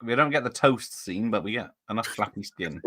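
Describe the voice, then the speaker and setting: A man with a lowish but bright, sharp voice and a dry, close home-mic sound. He jokes and laughs his way through a casual watch-party chat. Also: lively intonation, a little fast, dry recording. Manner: jokey, laughs a lot. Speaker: podcast co-host. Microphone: home computer mic with speakers on.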